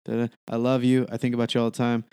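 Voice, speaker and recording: A man's voice: mid-range voice, completely flat delivery, racing, dark tone, clean tone, no echo, clean studio sound. A man co-hosting a movie podcast in casual chat, who swears freely and acts out scenes he loves. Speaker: podcast co-host.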